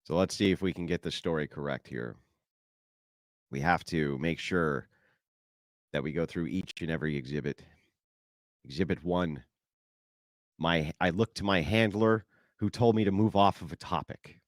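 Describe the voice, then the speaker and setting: A man's voice: low-pitched, moderate pace, pauses often, no echo, studio quality. A man hosting a stream, giving sarcastic, profane, mocking commentary. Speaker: streamer host.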